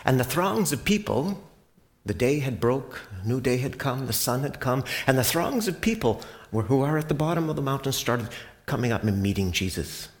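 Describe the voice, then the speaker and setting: A man's voice: mid-range voice, big pitch swings, normal speed. A man preacher retelling a Bible story dramatically, sometimes dropping to a whisper.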